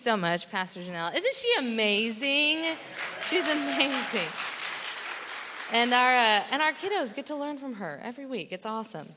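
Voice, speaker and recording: A woman's voice: a little high, very animated, moderate pace, in a large hall, a crowd in the background, noisy background. A woman pastor preaching in a casual, chatty way, often stopping herself and laughing. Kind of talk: casual sermon.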